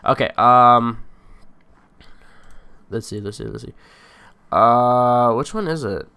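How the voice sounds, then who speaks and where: A man's voice: medium pitch, takes it slowly, vocal fry, bright, forceful tone, clear, resonant tone. A young man hosting a live stream, rambling casually in profane slang about combat sports.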